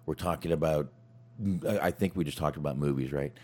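A man hosting a casual chat, talking in a halting way with frequent restarts and fillers. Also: rumbling low, fairly even intonation, a little mellow. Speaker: podcast host.

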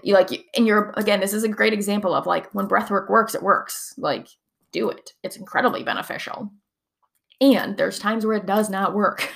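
A woman's voice: medium pitch, gravelly, fairly bright tone. A young adult woman explaining somatic coaching techniques in a chatty, casual teaching talk, full of fillers and frequent laughs.

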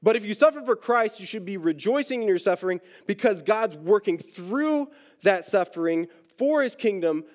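A pastor giving a conversational sermon, casually acting out Bible characters and adding wry, self-deprecating asides. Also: male voice, sits high, expressive, normal speed.

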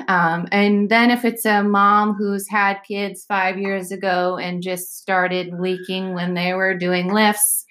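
Chatty woman coach, lowish voice. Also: fairly bright tone. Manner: chatty, explains with many fillers. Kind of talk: casual podcast chat.

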